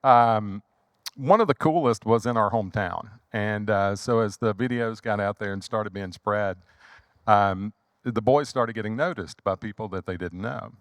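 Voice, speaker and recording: A man's voice: on the low side, moderate pace, no room sound. A man in his thirties from Louisiana with a Southern accent, telling a story as a guest in a casual chat. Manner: animated storyteller who acts out quotes. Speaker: guest, funeral home owner.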